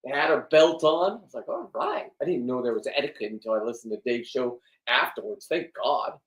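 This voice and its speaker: A man in his fifties, a fishing and diving vlogger, rambling in a crude, loud, joking monologue. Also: medium pitch, brisk. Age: 50s. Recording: roomy, from a distance.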